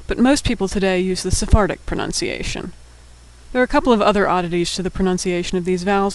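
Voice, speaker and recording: A man's voice: sits high, poor audio. A man teaching a Hebrew alphabet lesson, patiently sounding out words syllable by syllable.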